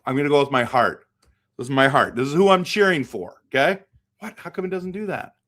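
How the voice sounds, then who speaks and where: A man's voice: a little high, a little fast, fairly bright tone. A man from western Canada hosting a casual hockey live stream, thinking aloud as he picks and answers viewer comments. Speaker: hockey livestream host.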